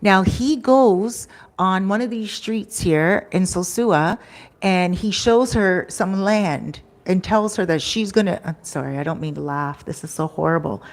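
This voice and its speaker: A woman's voice: medium pitch, a little slow. A woman telling a story to camera in a chatty vlog, acting out what people said, into a microphone. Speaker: storytime vlogger.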